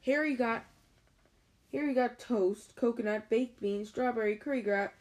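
A woman's voice: on the high side, normal speed, darkish tone. A woman reading a storybook aloud in a casual, chatty way, often stumbling and restarting words. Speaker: reader.

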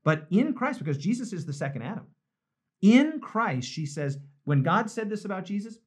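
With a high-pitched, breathy-edged voice and big pitch swings, a pastor talks at a moderate pace. His earnest, reflective remarks in this online live devotional discussion often repeat phrases for emphasis.

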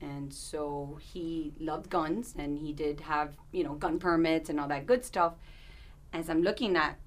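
A woman's voice: low voice, steady tone, unhurried. A woman in her thirties, an interview guest, telling a personal story in an earnest, candid way, with restarts and asides.

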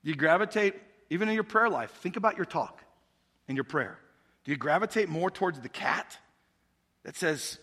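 A man's voice: a little high, expressive, normal speed, pauses often, pushed and bright. A male pastor preaching a conversational sermon in a church sanctuary, talking the congregation through an illustration and posing questions to them. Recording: long hall reverb.

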